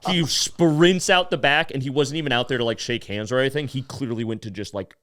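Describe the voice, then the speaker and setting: A young man co-hosting a comedy podcast, telling a story in animated casual chat and acting out the people in it. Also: medium pitch, fairly quick, dry recording, studio quality. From United States. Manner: animated storyteller, quoting others in lively put-on voices.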